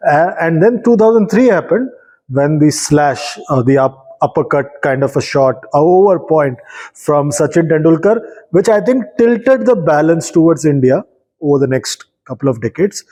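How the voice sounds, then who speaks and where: Male interviewer, warm mellow tone, halting with fillers. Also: on the high side, expressive, rough recording. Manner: measured, hesitant with fillers. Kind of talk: conversational interview.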